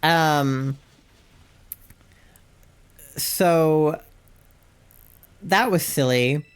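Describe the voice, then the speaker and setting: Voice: medium pitch, very slow, clean tone. Rambling, chatty game streamer. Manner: chatty, rambling, lots of fillers and asides. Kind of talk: casual chat while playing a video game.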